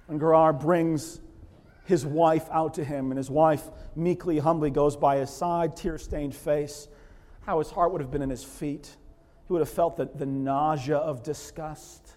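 Preacher with a high voice in a reverberant hall. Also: male voice, moderate pace, a little mellow. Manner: dramatizes biblical figures in quoted voices, pitch rising sharply. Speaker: pastor. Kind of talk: sermon.

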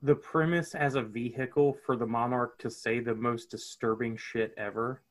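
A man's voice: mid-range voice, fairly even intonation, normal speed. A man chatting casually on a podcast, making wry, joking asides. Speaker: podcast co-host. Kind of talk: casual chat.

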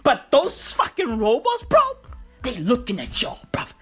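A woman's voice: a little high, huge pitch swings, unhurried, a bit bright, slightly rough, faint music behind. A woman delivering a profane, mocking comedy rant full of slang.

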